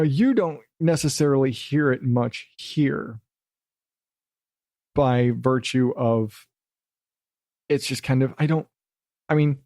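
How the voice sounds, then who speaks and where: A man's voice: medium pitch, dark tone, dry recording, studio quality. Rambling, swearing male podcast host. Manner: loose, self-deprecating, slips into silly voices; swears casually. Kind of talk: rambling solo podcast talk.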